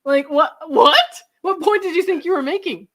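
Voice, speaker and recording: A woman's voice: very high-pitched, normal speed, fairly bright tone. A woman hosting a casual commentary, reading court documents aloud with sarcastic, laughing asides. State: hiccups. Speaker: channel host.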